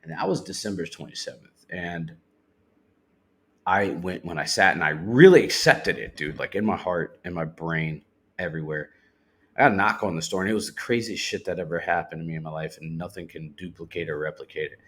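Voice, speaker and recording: A man with a very low voice tells his recovery story on a podcast. He speaks bluntly, swears freely and acts out what others said to him. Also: brisk. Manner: candid, swears freely, retells talk in quotes. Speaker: podcast guest. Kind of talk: personal recovery testimony.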